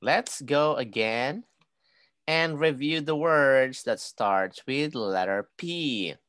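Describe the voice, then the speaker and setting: Very low-voiced, slow phonics teacher. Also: female voice, expressive, a bit bright, dry recording, studio quality. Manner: slow, clear word-by-word modelling with praise. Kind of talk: online phonics class for a young child.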